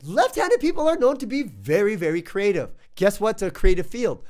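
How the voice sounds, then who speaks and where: Animated, exasperated man ranting. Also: sits high, normal speed, few pauses. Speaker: tech reviewer. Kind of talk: casual vlog review rant.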